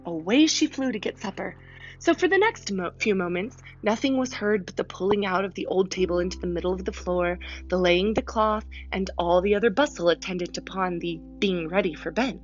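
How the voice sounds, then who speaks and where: A woman narrating a storybook in an expressive, animated reading voice. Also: medium pitch, fairly quick, highs cut off, soft background music. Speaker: audiobook reader.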